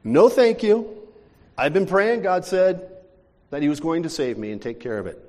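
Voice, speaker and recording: A man's voice: on the high side, animated, moderate pace, a little mellow, voice pushed up, lightly acted. A preacher voicing a stubborn man stranded on a roof in a flood, refusing rescue with prim insistence, in a reverberant hall.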